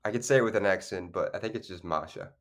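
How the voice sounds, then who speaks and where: A man's voice: sits low, fast. A man co-hosting a podcast, chatting casually about a movie in a loose, rambling way with plenty of fillers and restarts. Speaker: podcast co-host. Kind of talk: casual film discussion.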